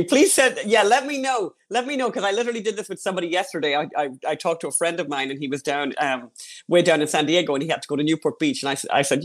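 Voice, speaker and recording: A man talks as an interview guest, his voice sitting a little above the usual male pitch. He speaks in an animated way, circling back over phrases and filling the gaps with "you know" and "by the way". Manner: animated, repeats phrases, many fillers. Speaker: podcast producer, guest. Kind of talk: casual interview chat.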